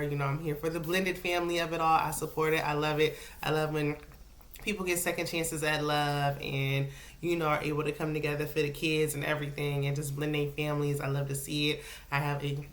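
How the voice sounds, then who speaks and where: Low-voiced chatty woman recapping reality TV. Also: a bit bright. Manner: chatty, opinionated, frequent throat clearing. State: coughing, with a lozenge in her mouth. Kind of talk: casual chat. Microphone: solo recording setup.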